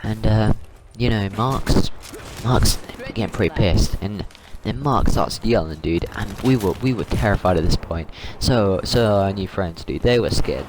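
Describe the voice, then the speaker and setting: A man's voice: on the low side, moderate pace, few pauses. A man host telling a story in a casual, rambling way while gaming, repeating words and saying dude a lot, on a noisy mic with clicks.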